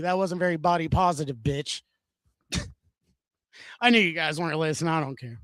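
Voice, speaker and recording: A man's voice: fairly high pitch, normal speed, pauses often, a bit bright, no echo. Crude, self-mocking male stand-up comic. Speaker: stand-up comedian. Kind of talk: stand-up comedy set. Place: comedy venue stage.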